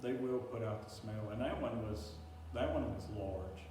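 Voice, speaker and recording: Warm and lowish, this man's voice moves at a normal speed as he gives a folksy, wandering talk on plants to a small local audience, peppered with fillers. The audio comes from a distant mic in an echoey room, with a faint hiss.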